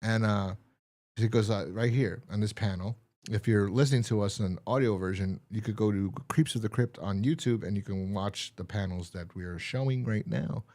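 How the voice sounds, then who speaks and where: A man's voice: fairly low pitch, normal speed. A man co-hosting a podcast, casually reviewing and recapping a story with lots of fillers. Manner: rambling, lively, many fillers. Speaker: podcast co-host.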